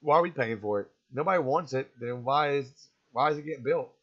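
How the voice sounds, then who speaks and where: A man's voice: medium pitch, fairly quick. Rambling opinionated man on a stream. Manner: rambling, opinionated, chuckles often. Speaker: stream host. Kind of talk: casual live-stream chat. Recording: slightly dull, lo-fi stream audio.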